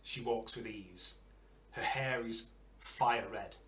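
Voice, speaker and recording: Bright-voiced game master in an echoey room. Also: male voice, lowish voice. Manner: descriptive, unhurried narration. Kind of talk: narrating a tabletop game.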